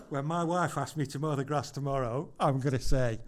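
A man preaching a sermon as pastor in church, conversational and wry with dry humorous asides, slowing down to land emphatic points. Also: mid-range voice. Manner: builds to slow, emphatic points.

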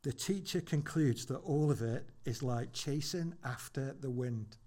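A man preaching a sermon as pastor in church, conversational and wry with dry humorous asides, slowing down to land emphatic points. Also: medium pitch, warm tone. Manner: builds to slow, emphatic points.

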